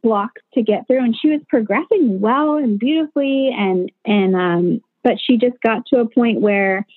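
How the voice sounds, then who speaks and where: A woman's voice: on the high side, moderate pace, dry recording. A woman midwife chatting as an interview guest, telling birth stories with lots of fillers and acting out what people said. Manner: animated, acts out quoted voices, many fillers. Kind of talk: casual interview storytelling. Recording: dry, tinny phone-like sound.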